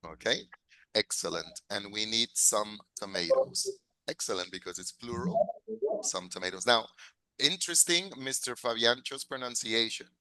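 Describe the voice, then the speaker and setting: A man who grew up in the United States, teaching an online English class, switching into Spanish, laughing often and modeling phrases slowly. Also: on the low side, huge pitch swings, bright, forceful tone, no room sound.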